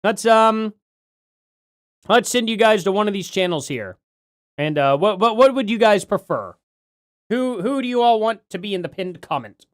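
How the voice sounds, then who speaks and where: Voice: mid-range voice, lively intonation, moderate pace, pauses often, no echo, studio quality. A livestream host chatting casually from home, rambling and correcting themself while reading out donations. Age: adult parent.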